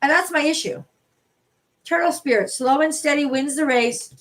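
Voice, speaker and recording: A woman's voice: high-pitched, normal speed. A woman with a New York accent doing a casual live-stream tarot reading, blunt and swearing, thinking aloud with rhetorical questions. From USA. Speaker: tarot card reader.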